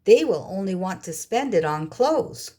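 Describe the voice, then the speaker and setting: A woman voicing a tired, sad older father in a storybook, speaking softly and wearily in a husky voice. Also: medium pitch, sing-song, unhurried. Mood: weary.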